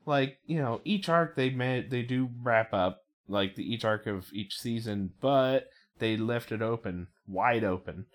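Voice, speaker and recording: A woman's voice: very deep voice, measured pace. A woman co-hosting a casual podcast, chatty and agreeable, laughing easily. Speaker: podcast co-host. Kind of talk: casual chat.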